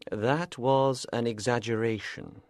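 Storybook casting: male voice for a grave, calm detective, measured and serious, animated intonation. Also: medium pitch, no echo, clean studio sound. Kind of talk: storybook dialogue for English learners.

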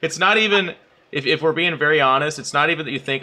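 A young man co-hosting a podcast, talking things over in a reflective, measured casual chat. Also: fairly high pitch, pushed and bright. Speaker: podcast co-host.

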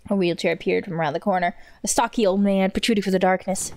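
A woman's voice: medium pitch, steady tone, fast, a little mellow, dry recording, clean studio sound. Woman streamer joking through a game. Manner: reads and translates game text aloud, swears, jokes. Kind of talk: casual let's play commentary. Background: faint game music.

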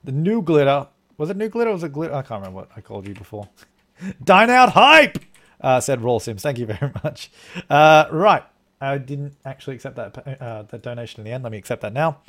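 A man's voice: mid-range voice, animated, fast talker, faint music behind. A man from Australia streaming a game live, thinking aloud as he plays and thanking viewers for donations. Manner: rambling, thinking aloud while playing. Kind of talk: live gameplay commentary.

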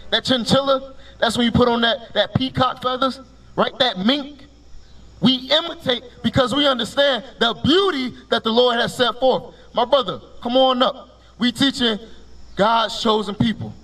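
With a very high, bright, forceful voice at a moderate pace, a man preaches to people on the street. Commanding, he snaps "Read" to have each scripture read aloud, explains it afterward, and keeps testing his audience with rhetorical questions and repeated "right?"

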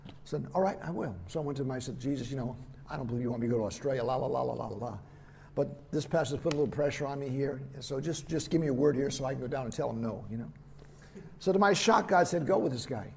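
An older man preaches to a church gathering in a gravelly, mellow voice. He tells his missionary stories with animation and plays the other people's lines himself, with a faint hiss from the room behind him. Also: mid-range voice, quick pace. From United States. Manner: animated anecdotes, voices quotes, laughs at himself. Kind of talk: storytelling sermon. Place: church hall.

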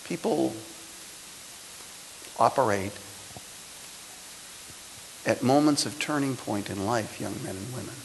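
A man in his sixties giving a motivational speech to students, his delivery swinging between loud emphasis and soft, intimate lines. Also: mid-range voice, slow, vocal fry, long pauses, slight background noise, poor audio. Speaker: speaker. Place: lecture hall.

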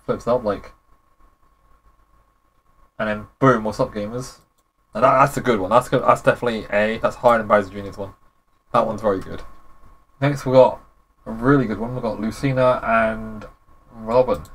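A young man giving casual, rambling commentary as a gaming YouTuber, with relaxed, slangy reactions. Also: fairly low pitch, slight background noise.

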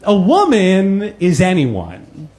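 A high-voiced American man delivers a slow, profane stand-up set in a noisy comedy club, animated and mocking throughout. Audience laughter fills the background.

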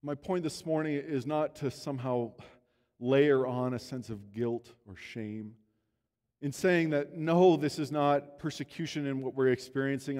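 Male pastor, sermon delivery, mellow tone, earnest storyteller whose voice rises and falls, church hall reverb. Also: mid-range voice. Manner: earnest storytelling, voice swells and drops. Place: church sanctuary.

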